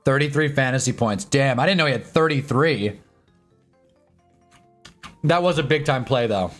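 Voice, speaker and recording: A man's voice: mid-range voice, moderate pace, faint music behind. Chatty man hosting a sports stream. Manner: loose and chatty, swears, talks to chat. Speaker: live-stream host. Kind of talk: casual live-stream sports talk. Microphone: own desk mic.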